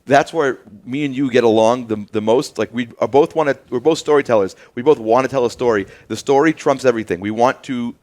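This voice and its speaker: A man in mid-range pitch spins a long, loose story in casual podcast chat. He stumbles through fillers and restarts and slips into quick voices for the people he quotes. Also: darkish tone. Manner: rambling, acts out quoted dialogue with many fillers. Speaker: podcast host.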